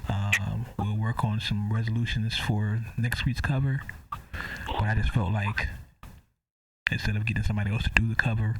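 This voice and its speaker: Laid-back low-voiced male podcast host. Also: level tone, moderate pace, fairly bright tone. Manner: laid-back, conversational, speaking to listeners directly. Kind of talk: casual podcast chat. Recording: slightly distant mic with faint noise.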